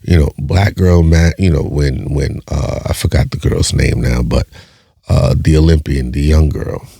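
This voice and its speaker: A man's voice: very deep voice, measured pace, gravelly, warm tone, husky, no room sound, studio quality. A man hosting a podcast, talking bluntly and profanely, firing off rhetorical questions and repeating himself. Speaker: podcast host. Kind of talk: casual monologue.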